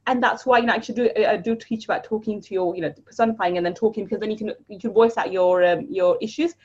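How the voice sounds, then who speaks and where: A money mindset coach appears as a guest in a casual interview, chatting quickly in a husky, slightly raised voice. She's animated, repeats words, and jumps to a higher pitch for emphasis, while the recording sounds dull and lo-fi.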